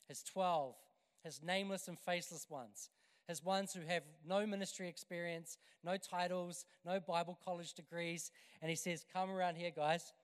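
A man with a high, smooth and resonant voice preaches an energetic sermon to a church congregation. He builds to loud, emphatic passages, and his voice rings through a hall with a long reverb. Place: church hall, evening service.

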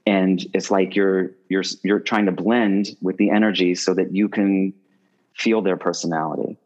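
A man, a guest medium, talks casually in an interview, rambling, often restarting his phrases and getting animated when he tells stories. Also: deep voice, moderate pace, lo-fi sound.

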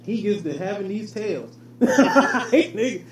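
A man's voice: high-pitched, lively intonation, measured pace. A man telling stories in casual, profane chat, laughing often. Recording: echoey room, faint noise.

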